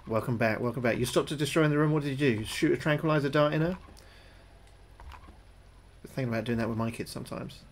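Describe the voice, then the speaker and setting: Gravelly British man streaming a game. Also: mid-range voice, fast talker, long pauses. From United Kingdom. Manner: chatty, repeats his own phrases, thanks viewers between moves; jumpy and loud when spooked in the game. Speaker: gaming livestreamer. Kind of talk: live gameplay commentary.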